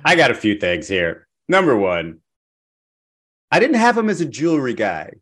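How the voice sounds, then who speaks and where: A man's voice: medium pitch, huge pitch swings, normal speed, a bit bright. Joking male podcast co-host. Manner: joking and chatty, often laughing. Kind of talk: casual sports chat.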